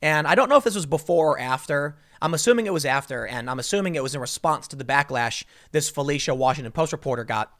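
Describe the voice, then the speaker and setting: A man's voice: fairly high pitch, animated, fast talker, hardly any pauses, a bit bright. A man hosting a casual commentary monologue, talking emphatically with frequent restarts as he tells a story. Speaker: political commentary host.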